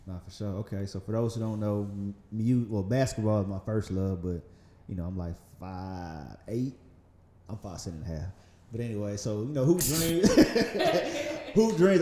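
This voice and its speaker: A man in his thirties with a light Southern accent, a podcast guest talking in a relaxed, rambling way, often laughing and saying "man". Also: on the low side, echoey room. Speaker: magazine founder, podcast guest. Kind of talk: casual interview conversation. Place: podcast studio.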